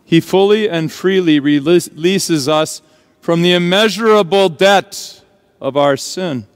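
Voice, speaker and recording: A pastor preaches in an earnest, dramatic way, his voice high and smooth. He takes his time, stressing words slowly. The sound carries the long reverb of a church sanctuary. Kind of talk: sermon.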